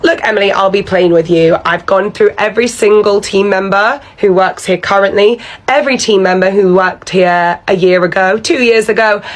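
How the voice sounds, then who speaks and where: A woman's voice: medium pitch, moderate pace, few pauses, close to an everyday voice, poor audio. A woman voicing a bossy, petty pub manager, in a comedy sketch. She talks down to her staff in a condescending, entitled way. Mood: pompous. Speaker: manager character.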